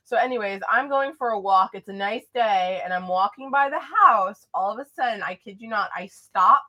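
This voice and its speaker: A woman's voice: mid-range voice, animated, moderate pace, bright, forceful tone, muffled recording. A young woman vlogger chatting casually through a storytime, rambling with lots of fillers.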